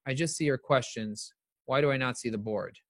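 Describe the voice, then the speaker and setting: A middle-aged man giving a live-streamed motivational talk, emphatic and animated, repeating phrases for emphasis as he answers viewer questions. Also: medium pitch, moderate pace, no echo, clean studio sound.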